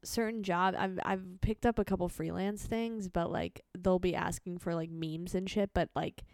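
A woman's voice: on the low side, steady tone, moderate pace, darkish tone, smooth, no room sound, studio quality. Laid-back young woman chatting on a podcast. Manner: storytelling, frequent laughter and quoted voices. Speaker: podcast co-host. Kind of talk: casual chat.

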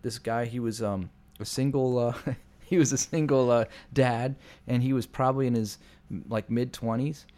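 A man's voice: medium pitch, steady tone, normal speed, dark tone. A man in his forties, a pastor and podcast co-host, chatting casually and acting out quoted voices in his stories. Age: 40s. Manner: rambling storyteller, acts out quoted voices.

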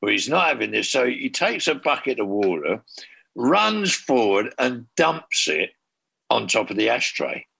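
Man, raspy gravel, sharp bright tone, swearing storyteller, lively anecdote. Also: medium pitch, a little slow. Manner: profane, animated storyteller. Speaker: former band manager telling a tour story. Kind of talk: casual anecdote.

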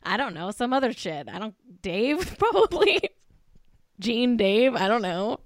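A woman's voice: on the high side, big pitch swings, a little slow. A woman co-hosting a podcast, chatting casually about celebrity gossip, swearing often and saying "like" constantly. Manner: chatty, swears, heavy use of "like". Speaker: podcast co-host.

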